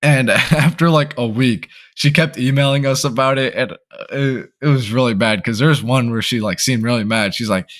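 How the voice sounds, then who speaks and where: A young man telling a story time, rambling and chuckling as he goes. He often restarts his sentences, and his voice sits at an ordinary middle pitch. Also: a little fast, a bit bright. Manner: rambling, laughing, many restarts. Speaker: vlogger.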